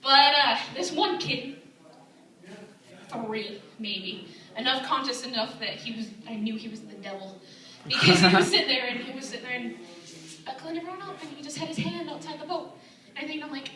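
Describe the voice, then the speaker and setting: High-voiced young woman doing stand-up. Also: fairly quick. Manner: deadpan storytelling, acting out dialogue with a raised voice. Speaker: stand-up comedian. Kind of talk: stand-up comedy set. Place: comedy club stage. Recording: roomy, distant mic with crowd laughter. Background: audience laughing.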